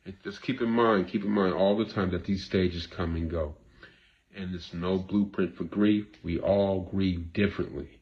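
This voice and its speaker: The recording is muffled, and the man's voice is low. He is a therapist host speaking casually to camera, earnest and preacher-like in his repetitions, grieving and at moments emotional.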